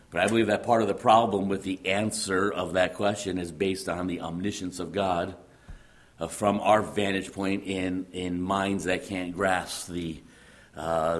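A pastor with a Midwestern accent preaches in a very low, deep male voice. He talks in a relaxed, conversational way, pausing on fillers and restarting phrases. Touches of gentle humor run through his sermon. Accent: Midwestern American.

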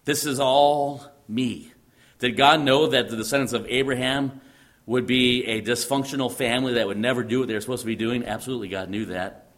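Male preacher, medium pitch, emphatic teaching delivery, repeats key words. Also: steady tone, fast, a bit bright. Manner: emphatic, repeats phrases, quotes in a commanding voice. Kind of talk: sermon teaching.

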